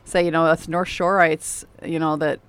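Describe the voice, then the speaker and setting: A man hosts a local radio interview with a political candidate. His voice is somewhat high and smooth, with a clear resonance. He talks in a conversational, folksy manner. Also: little pitch movement, moderate pace, fairly bright tone, no room sound.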